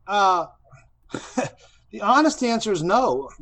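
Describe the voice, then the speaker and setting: A man's voice: high-pitched, very animated, takes it slowly, fairly bright tone. A man on a Bible study panel answering eagerly, repeating words as he jumps in.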